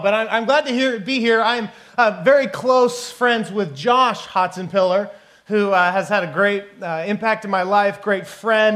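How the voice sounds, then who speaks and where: Man, high voice, guest preacher, conversational and joking, church sermon. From Northern California. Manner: conversational, joking, animated storytelling.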